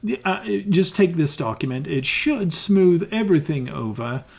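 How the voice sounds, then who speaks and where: A man's voice: a little high, animated, normal speed, gravelly. A man voicing a flustered male royal official who stammers nervously.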